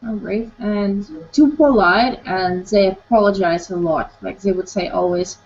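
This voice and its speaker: A woman's voice: mid-range voice, measured pace, a little mellow, a little hiss or hum. Woman teaching an online class. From Ukraine. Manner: leads discussion with short prompts and questions. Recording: dull lo-fi call audio.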